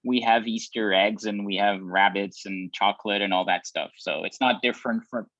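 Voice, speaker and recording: Interpreter, man, lowish voice, restarts and small laughs, muffled lo-fi dry audio. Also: steady tone, moderate pace, fairly bright tone, no room sound. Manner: restarts and chuckles while translating. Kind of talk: translating for a guest. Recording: dull lo-fi dry sound.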